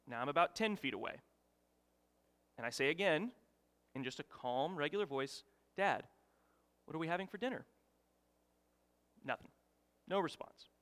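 A man preaching as a guest speaker, telling a story with lively rises in his voice. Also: on the high side. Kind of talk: sermon. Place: church sanctuary. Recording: long reverb of a church hall.

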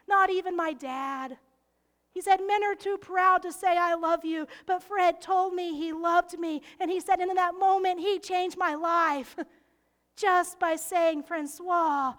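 A woman preaching a sermon, earnest and heartfelt, often dropping into soft whispers. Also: very high voice. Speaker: pastor.

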